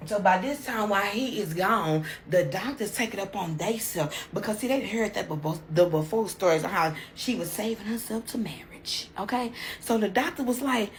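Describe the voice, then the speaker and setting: A woman's voice: medium pitch, moderate pace, few pauses. Lady spilling a wild story, dramatic and chatty, faint hum behind. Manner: dramatic, chatty, sprinkles endearments. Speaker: storytime video host. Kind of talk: casual storytelling.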